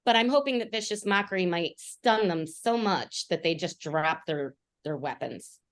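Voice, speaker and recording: A woman playing in an online tabletop game, thinking aloud with tentative pauses. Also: fairly low pitch, expressive. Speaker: player. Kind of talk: online tabletop role-play.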